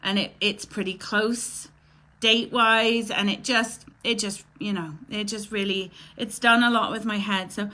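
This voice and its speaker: A woman's voice: medium pitch, fairly even intonation, unhurried, pushed and bright. A woman in her thirties from Canada hosting a casual live stream, chatty and emotional, greeting viewers by name and often close to tears. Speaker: live show host.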